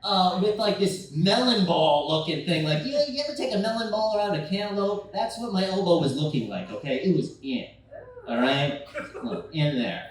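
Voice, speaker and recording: A young adult man telling a rambling, profane stand-up story, acting out scenes with sudden shouted quotes. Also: high voice, normal speed. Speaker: stand-up comedian. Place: bar stage. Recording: echoey bar room from far off.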